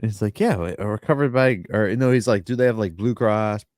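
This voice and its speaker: Low-voiced man co-hosting a podcast. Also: normal speed, darkish tone, no room sound, studio quality. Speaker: podcast co-host. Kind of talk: casual episode recap chat.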